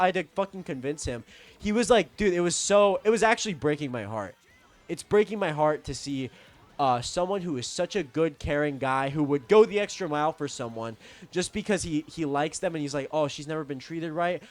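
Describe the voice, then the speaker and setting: A young man telling a profane, heated story in a vlog rant, swinging from low mutters to yelling. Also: animated, normal speed. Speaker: vlogger. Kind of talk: ranting storytime.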